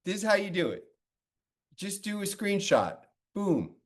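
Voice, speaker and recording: Blunt, animated male media coach. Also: high-pitched, a little slow. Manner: blunt, animated storyteller, casual swearing. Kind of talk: coaching session with storytelling.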